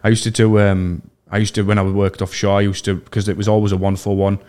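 A young man hosting a casual podcast, telling animated stories and mimicking voices. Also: on the low side, quick pace. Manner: animated storyteller, mimics voices in his anecdotes. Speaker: podcast host. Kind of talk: casual chat, storytelling.

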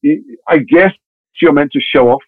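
A man's voice: a little high, slightly rough, no echo. A man, an actor, telling a long showbiz anecdote in casual interview chat and acting out the other voices in his story. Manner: fast, animated storytelling with voiced quotes. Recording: tinny phone-like audio.

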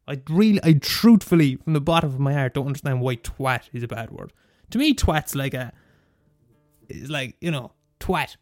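Medium in pitch and moderately paced, an Irish man in his twenties hosts student radio, cursing freely through a lively casual rant. The recording is dry and studio quality, with faint music behind.

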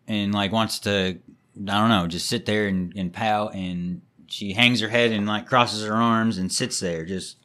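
A man's voice: on the low side, steady tone, a little slow, bright, forceful tone. A young man co-hosting a parenting podcast, talking casually and rambling as he mimics his toddler's replies. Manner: rambling, acts out toddler voices. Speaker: podcast co-host. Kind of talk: casual chat.

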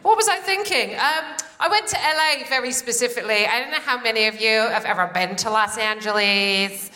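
A woman's voice: fairly high pitch, fairly quick, sharp tone. A British woman in her forties doing a sardonic, punchy stand-up set. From Britain. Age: 40s. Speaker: stand-up comedian. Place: theatre stage with live audience. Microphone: stage microphone.

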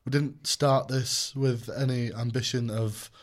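Young male co-host, rambling and jokey, mid-pitched, easygoing banter. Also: fairly even intonation, measured pace. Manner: jokey, rambling with many ums and restarts. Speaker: podcast co-host. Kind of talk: casual chat.

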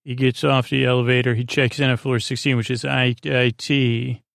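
A man's voice: medium pitch, level tone, moderate pace, gravelly, fairly bright tone, dry recording, clean studio sound. A man casually retelling a TV episode as a bedtime story, meandering along with lots of "uh" and "he goes". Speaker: podcast host retelling a TV episode. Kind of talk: rambling casual recap for sleep.

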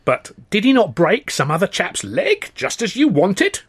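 A man voicing an old woman street crone who speaks slowly and insinuatingly in a high voice, in a storybook reading. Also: huge pitch swings, breathy edge, exaggerated voice. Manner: slow, insinuating, high-pitched. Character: old female street crone selling heather.

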